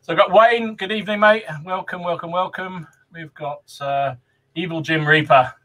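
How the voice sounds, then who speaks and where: A man's voice: high voice, steady tone, moderate pace, a crowd in the background. A man hosting a casual livestream podcast, cheerfully greeting viewers and reading out their comments. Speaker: podcast host.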